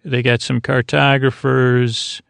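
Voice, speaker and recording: Male podcast host, gravelly and monotone, meandering sleepy recap, dry close mic. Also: mid-range voice, dry recording. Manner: meandering, filler-heavy, halting. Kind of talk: drowsy, rambling episode recap.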